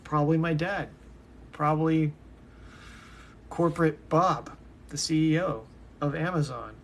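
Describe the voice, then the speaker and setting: A man's voice: on the high side, steady tone, unhurried, gravelly, slight background noise. A young man rambling to himself in a casual monologue, drifting from one topic to the next. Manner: musing, talks to himself, drifts between topics.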